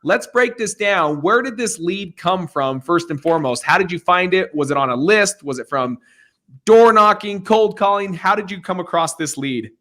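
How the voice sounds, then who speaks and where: A man's voice: sits high, expressive, moderate pace, fairly bright tone. A man hosting a live real estate Q&A stream, talking casually in an upbeat, joking, encouraging way over a video call.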